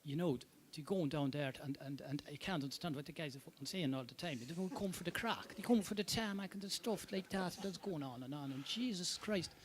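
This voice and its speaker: A man's voice: on the high side, fairly quick, few pauses, a little hiss or hum. A man with an English accent telling boisterous, swearing rally stories on a panel. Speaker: rally driver panel guest. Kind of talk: lively anecdotal panel talk.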